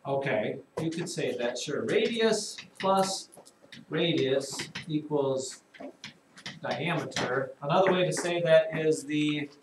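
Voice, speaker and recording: A male math teacher leading a classroom lesson, slowly repeating key terms and calling on pupils by name. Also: on the high side, animated. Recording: echoey classroom from far off with noise.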